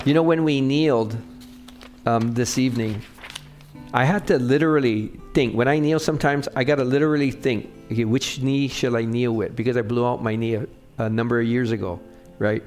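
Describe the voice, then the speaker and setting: A man's voice: mid-range voice, steady tone, a little fast, a little mellow, faint music behind. A middle-aged man preaching a sermon with personal stories, talking conversationally and often checking in with the congregation. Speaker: pastor.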